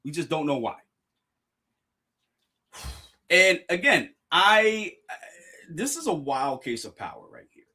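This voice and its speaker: A young man live-streaming a reaction, talking excitedly, stumbling over words and thanking his chat. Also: fairly high pitch, slow, long pauses, breathy edge. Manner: excitable, restarts and apologizes, addresses chat. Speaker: streamer reacting to a manga chapter.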